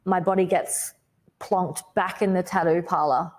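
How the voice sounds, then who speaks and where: A woman with an Australian accent telling her personal faith testimony as a podcast guest, in a vivid, dramatic storytelling way with sudden loud bursts and lots of "like". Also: on the low side, steady tone, a little slow. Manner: vivid storytelling, says "like" a lot.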